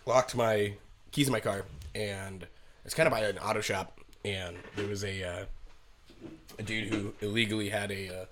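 A man's voice: fairly low pitch, fairly even intonation, noisy background. A man telling an anecdote in casual chat, wry, with casual swearing. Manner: quick, wry storyteller who swears casually.

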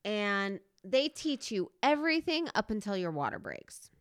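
A woman in her thirties co-hosting a podcast, chatting casually in a rambling, animated way, often laughing. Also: medium pitch, measured pace, clear, resonant tone, no room sound, clean studio sound. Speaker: podcast co-host. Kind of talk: casual chat.

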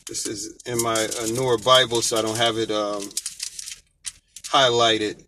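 A man's voice: lowish voice, level tone, a little slow, noisy background. An American man giving an informal Bible teaching, reading verses aloud and explaining them in a loose, conversational way. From United States. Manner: conversational, reads scripture aloud then explains it with many fillers.

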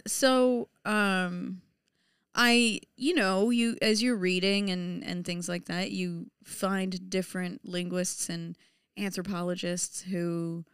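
Woman in her 30s chatting on a podcast, smooth but gravelly, lots of ums and restarts. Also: fairly low pitch, no room sound, clean studio sound. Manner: laughs often, many fillers and restarts. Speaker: podcast co-host. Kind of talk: casual chat.

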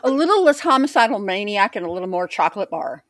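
A woman's voice: medium pitch, big pitch swings, quick pace, a bit bright, dry recording. A woman co-hosting a podcast in casual chat, rambling and self-deprecating. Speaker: podcast co-host.

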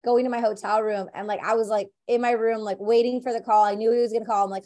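A woman's voice: a little high, little pitch movement, fast, mellow. A woman actress being interviewed about her film career, talking in a chatty, enthusiastic way full of "like" and "you know". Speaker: actress guest. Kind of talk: conversational interview.

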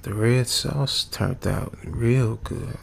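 A man's voice: vocal fry, husky, heavily acted. A man mimicking a sleep-talking wife's menacing mumble. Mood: sleepy menace. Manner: slow, low, sleepy mumble.

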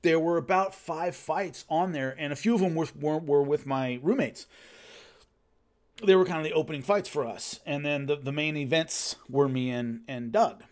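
A man casually recounting his fighting days, lively and acting out what others said, with hiccups. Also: on the high side, normal speed. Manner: animated, acts out quotes of others. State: has hiccups. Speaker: former show fighter telling stories. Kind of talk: casual storytelling.

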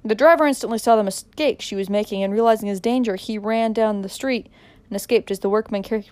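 A woman narrating a dramatic audiobook in a measured way, pressing harder in tense moments. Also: mid-range voice, steady tone, darkish tone, no echo.

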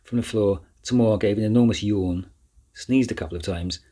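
A man narrating a children's novel in an even, measured storytelling voice. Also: lowish voice, breathy edge. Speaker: audiobook narrator. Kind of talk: scripted narration.

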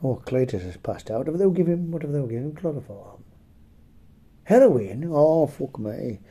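A man with a slightly hoarse voice telling a rambling, profane comic story, chuckling and tagging his lines with "eh?". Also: fairly high pitch, very animated, moderate pace, warm tone. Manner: foul-mouthed, rambling, chuckling, tags lines with "eh?". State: a bit hoarse. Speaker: comedic storyteller. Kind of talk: profane comedic storytelling chat.

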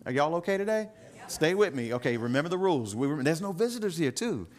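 A man's voice: fairly high pitch, very animated, fast. Conversational male pastor preaching. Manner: conversational preaching with asides to the congregation; repeats words when searching for the next phrase. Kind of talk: sermon.

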